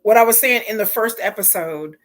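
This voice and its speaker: A woman's voice: mid-range voice, brisk, a bit bright. A woman chatting casually on a home livestream, reacting and often acting out other people's lines. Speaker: live watch party streamer. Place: home, indoors.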